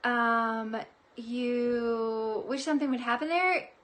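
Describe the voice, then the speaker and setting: A woman's voice: fairly high pitch, slow pace, fairly bright tone. A woman psychic giving a live-streamed oracle card reading, bubbly and giggly in a chatty way. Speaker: psychic reader.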